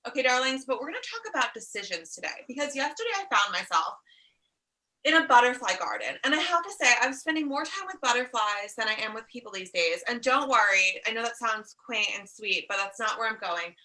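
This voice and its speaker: A woman's voice: a little high, lively intonation, fairly quick, sharp tone. Woman, life coach, comedic live stream, sassy, swears a lot, distant phone mic. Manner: profane, sassy, calls listeners darlings. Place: outdoors in a warm country.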